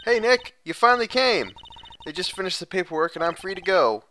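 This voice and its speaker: A man voicing an excitable young woman, a girl spirit medium, with a chatty, chirpy manner, for a game playthrough. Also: high voice, fairly quick, slight background noise, voice pushed up, exaggerated voice.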